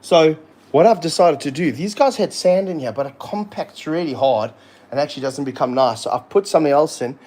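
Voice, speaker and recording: Excitable man in an echoey room. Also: a little high, brisk. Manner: excitable, jokey, slangy. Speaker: reptile park owner and streamer. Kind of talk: casual livestream chat. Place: indoor reptile room.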